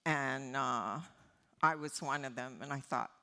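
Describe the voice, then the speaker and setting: Older woman columnist, bright and animated, telling stories on stage with laughs. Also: a bass voice, measured pace. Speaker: interview guest, columnist. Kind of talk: anecdotal storytelling on stage.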